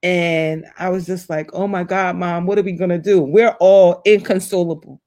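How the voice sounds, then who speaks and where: Animated storytelling woman in her forties. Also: moderate pace. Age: 40s. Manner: animated storyteller, acts out voices with big pitch jumps. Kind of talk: casual heartfelt conversation.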